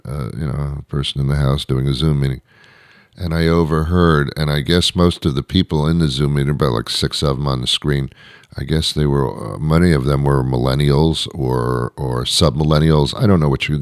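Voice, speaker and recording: Middle-aged male host, very deep voice, rambling comic monologue, deadpan wit. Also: a little fast, no room sound, studio quality. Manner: rambling, wry, deadpan asides. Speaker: show host. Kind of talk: comedic monologue.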